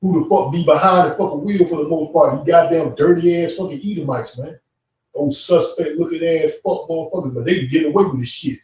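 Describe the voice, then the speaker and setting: A man's voice: fairly high pitch, a little fast, darkish tone, far from the mic. A man co-hosting a religious stream, ranting heatedly with constant profanity. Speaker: co-host. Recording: echoey room, away from the mic.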